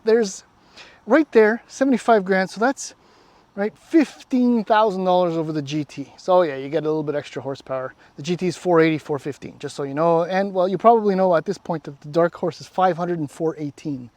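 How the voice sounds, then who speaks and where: A man's voice: high voice, fairly quick, a little mellow, dry recording. A man, casually walking around and reviewing a car outdoors, rambling and wry, often trailing off. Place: outdoors beside a parked car.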